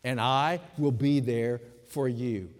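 A man preaching a sermon slowly and with emphasis, pausing often between phrases. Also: mid-range voice, fairly even intonation. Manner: slow, emphatic preaching with pauses. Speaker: pastor. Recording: long hall reverb.

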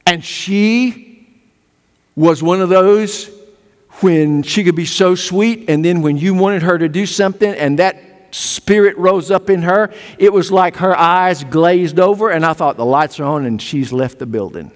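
An older male pastor preaching a sermon, swinging from loud emphatic peaks to hushed low storytelling. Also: unhurried. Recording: long hall reverb.

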